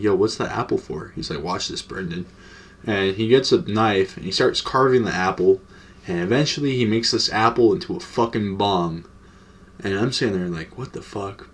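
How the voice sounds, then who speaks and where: A young man tells a story in a loose, profane, slang-heavy way. His voice sits slightly low. The delivery is casual and unhurried, aimed straight at his viewers. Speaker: storytime vlogger.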